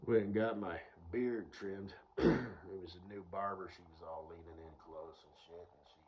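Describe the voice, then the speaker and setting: A man's voice: deep voice, steady tone, moderate pace, a little mellow, a little hiss or hum, rough recording. A man rambling through a casual solo monologue, profane and full of fillers. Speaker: vlogger.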